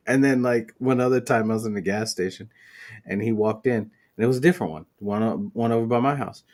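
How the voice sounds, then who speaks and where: A man's voice: medium pitch, normal speed, a little mellow. A man hosting a podcast, telling a story in casual, profane chat. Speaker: podcast host.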